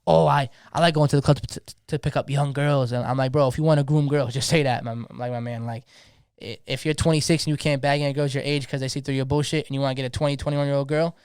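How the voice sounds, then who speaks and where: A man's voice: medium pitch, steady tone, fast, darkish tone, smooth, dry recording, studio quality. A young man, talking passionately in a slangy, casual podcast conversation, often repeating words as he gets going. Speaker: DJ guest.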